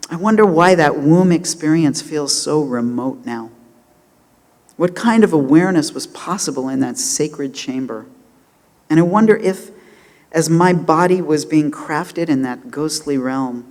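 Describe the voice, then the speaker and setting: A man giving a sermon, impassioned and dramatic, swinging between loud declarations and hushed moments. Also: on the high side, big-room sound. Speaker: rabbi giving a holiday sermon.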